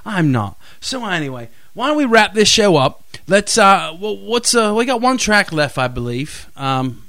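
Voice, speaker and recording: Goofy male radio co-host, lively. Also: high-pitched, measured pace, dry recording, clean studio sound. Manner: goofy, hams up Aussie slang. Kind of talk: joking on-air banter.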